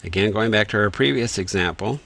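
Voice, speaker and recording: A man teaching reading rules in a patient, methodical lesson, slowly sounding out words as he writes. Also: fairly low pitch, vocal fry, fairly bright tone, dry recording. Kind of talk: explanatory lesson with whiteboard.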